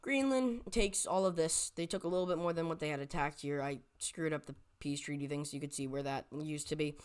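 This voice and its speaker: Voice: medium pitch, a little fast, clean tone. A voice narrating a made-up map scenario in a casual, rambling way, often stopping to correct itself and tossing in jokey asides. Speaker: map video creator.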